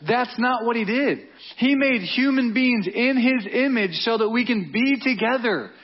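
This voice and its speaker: A male pastor with a high, husky voice preaches in a conversational, emphatic way and circles back to key words. The audio is dull and lo-fi. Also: a little slow. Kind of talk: sermon.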